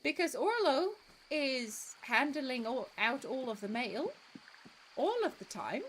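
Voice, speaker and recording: A woman's voice: high-pitched, very animated, slow pace, a little hiss or hum. A woman streamer who laughs often and chats playfully while playing a game. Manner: giggly, playful, reads game dialogue aloud. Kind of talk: casual let's-play commentary.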